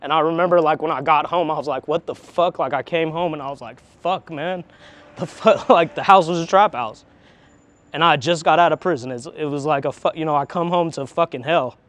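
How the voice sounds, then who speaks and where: Male interviewee, frank and profane, with a voice pitched a bit high, reflective and halting. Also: fairly bright tone. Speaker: interviewee, harm reduction worker. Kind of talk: candid emotional interview.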